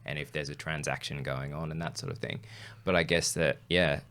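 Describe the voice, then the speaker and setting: A man hosting a casual podcast chat, mostly agreeing and calmly summing up the point. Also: rumbling low. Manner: agreeable listener, short backchannels, measured summaries. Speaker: podcast host.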